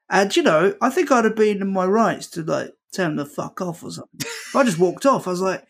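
A man tells a comic story as a podcast guest, switching into voices for the people he quotes. He talks in an animated way and swears freely, enjoying the tale as it unfolds. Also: high-pitched, brisk, vocal fry. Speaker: comedian guest.

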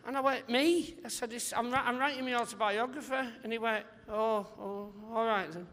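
A male comedian guest on a live podcast interview, telling rambling, animated anecdotes and acting out other people's voices. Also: very high voice, moderate pace, in a large hall.

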